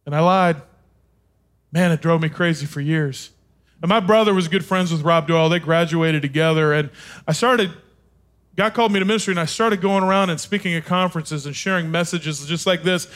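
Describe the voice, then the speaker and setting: High-voiced man telling sermon stories. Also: a little fast. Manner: animated, self-deprecating, humorous. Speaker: speaker. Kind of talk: sermon with personal storytelling. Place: stage.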